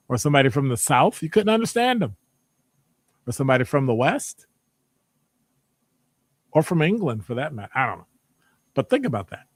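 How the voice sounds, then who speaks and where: A man with a Midwestern American accent, presenting a live online session. He reads out audience answers, quizzes them and teases them in an animated, joking way. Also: mid-range voice, normal speed, pauses often, no echo. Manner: animated, jokey, teasing the audience. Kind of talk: live-streamed lecture with chat.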